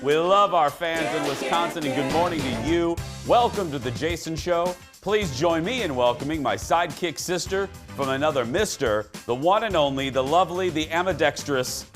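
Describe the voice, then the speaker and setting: A man's voice: a little high, over music. A man in his forties hosting a live morning talk show in an upbeat, chatty way. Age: 40s. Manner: upbeat and chatty, quick asides. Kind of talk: lively morning show chat. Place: TV studio with live audience.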